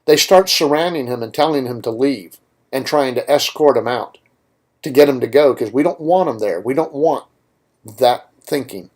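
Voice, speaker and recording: A man's voice: medium pitch, moderate pace, darkish tone. Emphatic opinionated man hosting talk radio. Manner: opinionated, emphatic, rhetorical questions. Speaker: radio show host. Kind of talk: political talk radio monologue.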